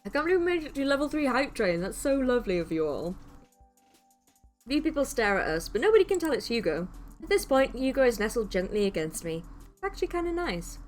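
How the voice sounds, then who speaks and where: A woman's voice: on the high side, big pitch swings, fast talker, faint music behind. A woman streaming a game live, reading its text aloud and gushing thanks to viewers.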